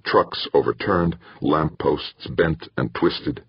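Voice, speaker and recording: A man narrating an audiobook in a steady, somber way. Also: very deep voice, slow pace, husky, dry recording. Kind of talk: scripted narration. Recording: muffled dry recording.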